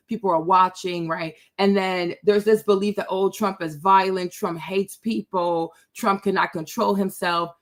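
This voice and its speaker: A woman hosting her own show, ranting in a casual commentary style, emphatic and repetitive, checking in with viewers often. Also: mid-range voice. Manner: emphatic, repetitive, keeps asking "right?"; addresses viewers by name. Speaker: host.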